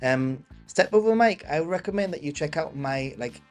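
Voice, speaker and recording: A man's voice: a little high, animated, moderate pace, faint music behind. A man with a Gibraltarian English accent hosting a live-stream travel Q&A, chatting casually and answering viewers off the cuff. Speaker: travel channel host.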